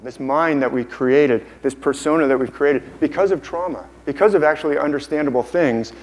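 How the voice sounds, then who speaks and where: A man's voice: fairly high pitch, moderate pace, hardly any pauses, low-quality recording. A man giving a conference lecture with enthusiasm, often repeating and restarting phrases. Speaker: conference speaker. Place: conference hall.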